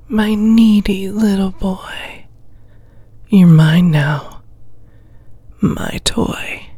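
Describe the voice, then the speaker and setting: A woman in a whispered role-play, talking in a slow, commanding, coaxing whisper. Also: mid-range voice, gravelly, a little mellow, husky. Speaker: ASMR performer.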